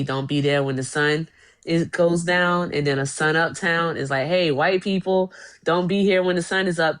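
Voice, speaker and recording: A woman with a very low voice bantering casually on a livestream. She talks in a chatty, joking way and keeps stopping to restart her sentences.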